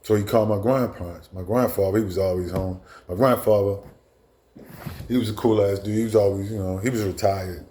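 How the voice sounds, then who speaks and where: A man in his fifties, a show host, telling a personal story in a casual, profane way with halting restarts. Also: lowish voice, steady tone, warm tone.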